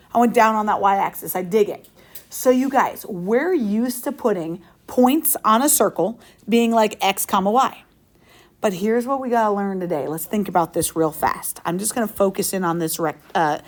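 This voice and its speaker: A woman teaching a math lesson in a classroom, upbeat and playful, often asking the class questions. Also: mid-range voice. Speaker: high school math teacher. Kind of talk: classroom lecture.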